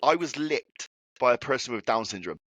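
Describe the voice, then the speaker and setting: A man's voice: mid-range voice, moderate pace, no echo. A young man telling a story in casual chat, swearing freely as he talks. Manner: swears a lot, animated anecdote telling. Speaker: podcast co-host.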